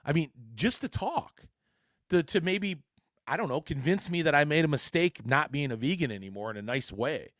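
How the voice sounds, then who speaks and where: A man's voice: on the high side, lively intonation, normal speed, fairly bright tone, no room sound, studio quality. A man hosting his own podcast, telling a story in a blunt, rambling way full of swearing. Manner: blunt and heavily profane, rambling with frequent restarts. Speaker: podcast host. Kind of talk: casual solo podcast storytelling.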